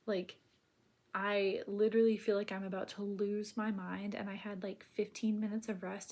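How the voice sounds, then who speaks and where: A woman telling her own birth story in casual, rambling speech full of filler words, now and then dropping to a soft near-whisper. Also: mid-range voice, flat delivery, normal speed.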